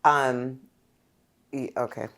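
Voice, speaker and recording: A woman hosting a podcast interview, talking in an animated, emphatic way and laughing often. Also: rumbling low, slow pace. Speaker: podcast host. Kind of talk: casual conversational interview.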